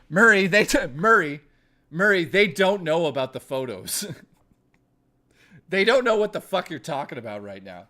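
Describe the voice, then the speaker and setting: A man on a livestream with a voice that sits a little higher than most men's. He rambles through a joking, profane story to his chat, stumbling over restarts as he goes. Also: big pitch swings, unhurried, long pauses, sharp tone.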